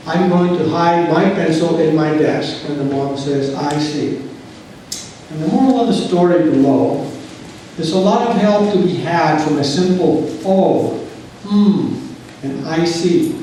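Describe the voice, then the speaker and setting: Male trainer, higher voice, measured unhurried delivery, distant mic in a very reverberant room. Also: mellow, slight background noise. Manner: slow, deliberate, acts out quoted dialogue. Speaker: settlement conference trainer. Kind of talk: training lecture. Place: courtroom or conference room. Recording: far-off mic in a very echoey room.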